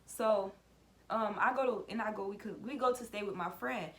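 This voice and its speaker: A woman's voice: medium pitch, normal speed. A young woman sits and tells her viewers a personal story. She talks loosely and casually, circling back and filling her sentences with "like" and "y'all" as if chatting with friends. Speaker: vlogger.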